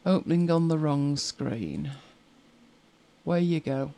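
A woman's voice: sits low, slow, mellow. A woman hosting a casual live chat, rambling through stories and viewer comments with frequent laughs. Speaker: livestream host reading viewer comments.

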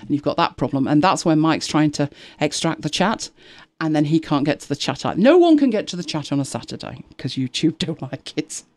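Chatty host with a lively, bouncy pitch. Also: a little fast, no room sound. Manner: chatty and rambling, with frequent restarts; exasperated asides. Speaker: host of a tech live show. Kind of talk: casual chat.

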